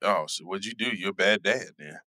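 A young man with a fairly low but bright voice jokes around in a casual chat and argues his point stubbornly. The sound is dry and close. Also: brisk, dry recording. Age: young adult.

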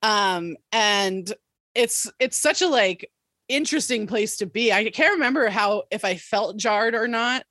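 A woman's voice: mid-range voice, measured pace, no room sound, clean studio sound. A young adult woman co-hosting a podcast, recapping a TV episode in casual chat, laughing often and acting out the characters' lines. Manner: animated, laughs often, acts out quotes. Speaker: podcast co-host.

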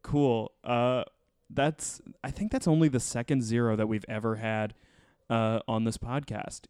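A man's voice: medium pitch, steady tone, a little slow, darkish tone, smooth, no echo, clean studio sound. A man hosting a podcast, chatting casually and rambling with many fillers as he reviews a TV show. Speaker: podcast host.

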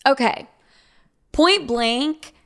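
A woman's voice: high-pitched, animated, extremely slow, gravelly. A young woman who hosts an advice podcast, talking casually in a blunt, profane Valley girl way as she reads listener letters and answers them.

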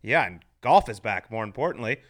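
Fast-talking upbeat man hosting. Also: on the low side, animated. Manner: upbeat, teasing banter. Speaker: podcast co-host. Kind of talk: casual sports podcast chat. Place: studio.

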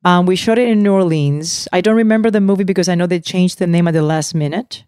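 A woman in her forties, an actress guest telling a personal story candidly, animated and full of restarts and asides. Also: fairly low pitch, fast, clear, resonant tone, no echo, clean studio sound. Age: 40s.

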